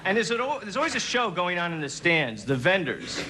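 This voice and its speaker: A young man doing a deadpan stand-up routine on a TV studio stage, slipping into quick character voices. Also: sits high, a little hiss or hum. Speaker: stand-up comedian. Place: TV studio stage before a live audience.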